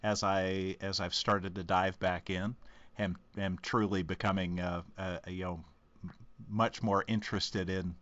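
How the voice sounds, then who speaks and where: Deep-voiced halting man, lo-fi sound. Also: little pitch movement, fairly bright tone, no room sound. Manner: halting, many fillers and restarts. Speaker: podcast co-host. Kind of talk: casual chat.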